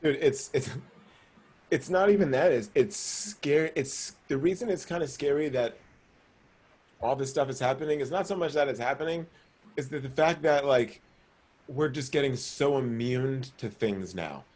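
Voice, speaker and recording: A young man co-hosting a podcast in casual chat, animated and swearing, acting out quoted voices. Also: medium pitch, moderate pace. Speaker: podcast co-host.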